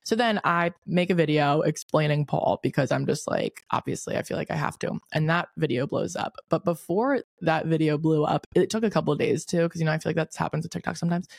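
Chatty woman in her twenties, gravelly. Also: low voice, brisk, few pauses, no room sound, studio quality. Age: 20s. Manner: chatty, lots of "like" fillers, animated retelling. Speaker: podcast host. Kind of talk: casual storytelling monologue.

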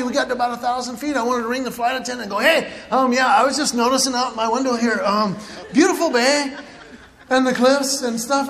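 High-voiced man telling a story in a big hall. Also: creaky. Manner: animated, acts out his own panic with yelps. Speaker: Christian comedic speaker. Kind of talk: storytelling stand-up talk.

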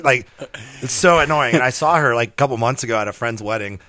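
A man in his thirties, a stand-up comedian, telling stories in casual chat, animated and freely swearing with a bro-ish manner. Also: mid-range voice, fast talker, dry recording. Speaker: stand-up comedian, podcast guest.

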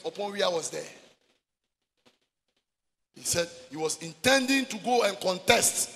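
A man preaching a sermon as pastor, mixing Twi and English and shouting for emphasis. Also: sits high, creaky. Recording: echoey hall with faint noise.

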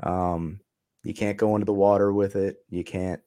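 A man with a somewhat low voice tells his own story in an easy, rambling way. He swears often, fills pauses with ums and "you know," and slips in short laughs. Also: flat delivery, warm tone. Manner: profane, laid-back, trailing off with ums and laughs. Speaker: interview guest. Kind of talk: casual storytelling.

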